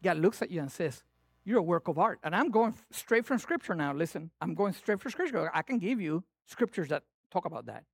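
A man's voice: sits high, very animated, fairly quick, vocal fry, few pauses, no room sound. A man preaching a sermon as a pastor, emphatic and repeating his key phrases for the listeners.

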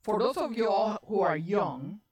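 A woman preacher telling a story in an animated sermon, often repeating words and getting loud and emphatic. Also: mid-range voice, normal speed, breathy edge.

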